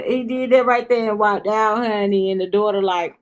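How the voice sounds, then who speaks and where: A woman's voice: mid-range voice, flat delivery, moderate pace. A woman hosting a review show, chatting casually through an episode recap and talking straight to her viewers. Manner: chatty, addresses viewers as "y'all".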